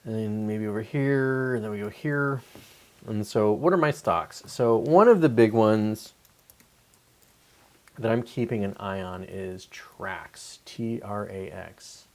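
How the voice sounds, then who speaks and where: A man in his forties hosting a livestream, talking in a loose, rambling, profane way and mocking complainers. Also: slow pace. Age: 40s. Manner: profane, digressive, mocks whiners in high whiny voices. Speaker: livestream host. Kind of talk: casual rambling livestream chat.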